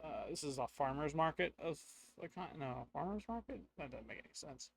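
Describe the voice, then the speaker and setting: Slightly high-voiced man narrating his own solo tabletop adventure, thinking aloud. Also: fairly quick, creaky, a bit bright, slight background noise.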